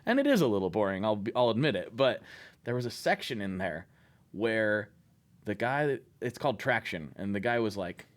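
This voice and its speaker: A man hosting a podcast in casual chat. He tells stories in an animated way and acts out his own inner thoughts as he goes. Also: on the low side, moderate pace. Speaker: podcast host.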